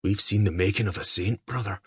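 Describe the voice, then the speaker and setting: A man voicing a cheerful, teasing medieval brother who speaks in a lively, jesting way. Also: fairly low pitch, a little fast, breathy edge, no room sound, clean studio sound.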